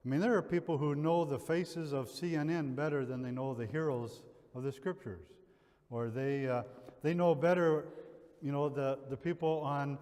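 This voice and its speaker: A man from the Upper Midwest, a pastor preaching a sermon in a relaxed, conversational way, full of fillers and restarts. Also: fairly high pitch, normal speed, long reverb tail. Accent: Upper Midwest American. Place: church sanctuary.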